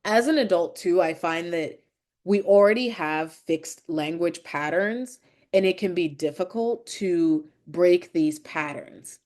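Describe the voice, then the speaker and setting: American woman doing a solo podcast, lowish voice, candid and a bit self-conscious, thoughtful. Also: slow, darkish tone. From United States. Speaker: podcast host. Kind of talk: reflective solo podcast talk.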